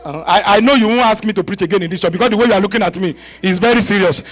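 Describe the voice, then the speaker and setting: A man with a Nigerian accent, a guest pastor preaching a sermon in a church with laughter and shouted prayer. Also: sits high, racing.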